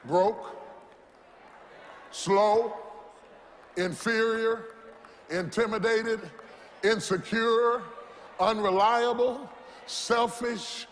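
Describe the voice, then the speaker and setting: A man preaching a sermon as pastor, emphatic and building to shouts. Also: high-pitched, big pitch swings, slow pace, pauses often. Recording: long hall reverb, faint noise.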